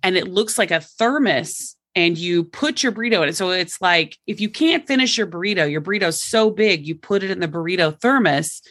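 Animated, laughing woman from Oklahoma. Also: on the low side, fairly quick, hardly any pauses, dry recording, studio quality. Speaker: guest comedian. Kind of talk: casual chat.

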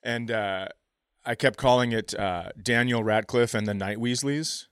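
A man co-hosting a comedy podcast, rambling through stories in a loose, joking way. His pitch sits in the middle for a man, and the recording is dry and close. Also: a little slow, clean tone, no echo. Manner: rambling storyteller, drops into loud impressions. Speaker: podcast co-host. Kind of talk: casual comedy podcast chat.

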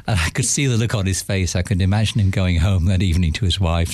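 A middle-aged man from England sits in as a guest, telling stories with dry humor and laughing often. His voice is very low. The recording is close and dry. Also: fast, few pauses, darkish tone, dry recording. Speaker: guest, businessman. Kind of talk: casual chat, storytelling.

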